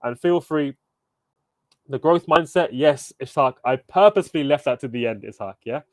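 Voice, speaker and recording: A man coaching a live online workshop, energetic and encouraging, calling on participants by name and checking in with "okay?" and "right?" as he talks over a computer mic. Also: medium pitch, moderate pace, no room sound.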